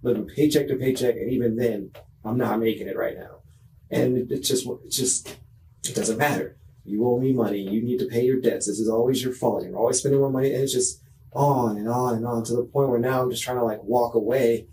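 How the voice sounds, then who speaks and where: A man talks in a police interview room, halting and agitated, restarting his sentences again and again. His voice is mellow and of middling pitch. A faint hiss sits under the recording. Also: fairly even intonation, distant mic, rough recording. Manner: agitated, pleading. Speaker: murder suspect under police questioning.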